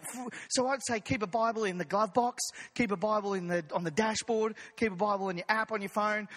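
A man preaching a lively, jokey sermon as pastor, acting out voices of his congregation. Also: high voice. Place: church hall. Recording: long hall reverb.

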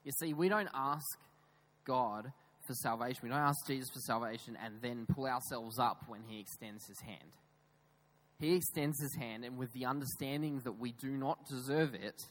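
A man preaching a sermon in a church, emphatic, with raised stresses that drop into quiet, low asides. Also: normal speed, rough recording. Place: church with screens.

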